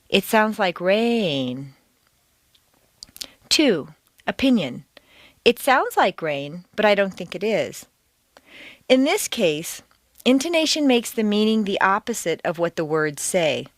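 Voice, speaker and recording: A woman with an American accent reading a scripted accent lesson, speaking slowly and deliberately with exaggerated intonation for learners to repeat. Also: medium pitch, sing-song, no echo. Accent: General American. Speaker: accent teacher.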